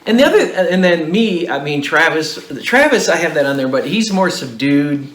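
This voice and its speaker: A man's voice: lively intonation, moderate pace, fairly bright tone. Chatty man with a roomy echo. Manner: chatty, laughing, jumps up in pitch when joking. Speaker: co-host and actor in the web series. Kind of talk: casual behind-the-scenes chat.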